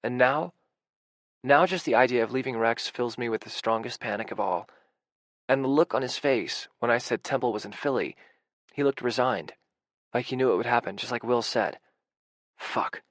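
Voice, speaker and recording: A man's voice: medium pitch, normal speed, pauses often, fairly bright tone, no room sound. A man reading a first-person audiobook in an intimate, emotional way, with anxious, racing passages. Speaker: audiobook narrator.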